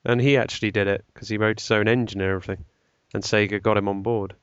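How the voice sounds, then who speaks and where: A man's voice: fairly low pitch, fairly even intonation, fast talker, clear, resonant tone, no room sound. A man co-hosting a podcast, rambling and correcting himself with lots of ums. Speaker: podcast co-host. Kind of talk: casual chat. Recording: dull, slightly lo-fi dry sound.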